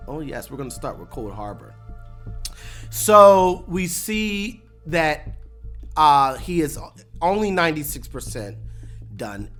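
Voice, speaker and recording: Bright voice, very lively pitch, casual TV recap, laughs a lot, acts out quotes. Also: slow, long pauses, faint music behind. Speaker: show recap host. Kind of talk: casual TV episode breakdown.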